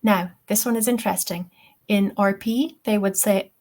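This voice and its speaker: A woman's voice: medium pitch, steady tone, normal speed, a little mellow. A young woman with an Irish accent teaching a webinar lesson, explaining step by step and often checking in with "okay?". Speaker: TEFL teacher.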